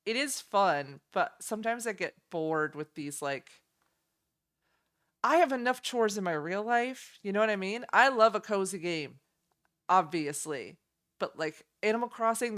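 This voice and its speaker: A woman's voice: medium pitch, expressive, normal speed, a bit bright. A young woman streaming, chatting casually and giggling as she reacts to game trailers. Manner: chatty, giggly, easily delighted.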